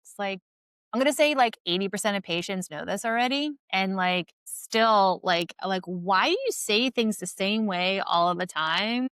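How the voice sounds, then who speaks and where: A woman physician and podcast guest, chatting casually and telling patient stories in a lively way, often saying "like" and laughing. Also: mid-range voice, moderate pace, clean tone, no room sound. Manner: animated storyteller, heavy use of "like", laughs often. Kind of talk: casual interview chat.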